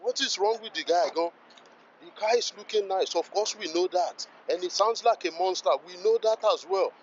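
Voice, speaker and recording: High-voiced excitable man at a car meet. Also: normal speed, highs cut off, a little hiss or hum. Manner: exclamatory, hyped, repeats phrases. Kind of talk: excitable walkaround vlog. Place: outdoor car meet in the rain.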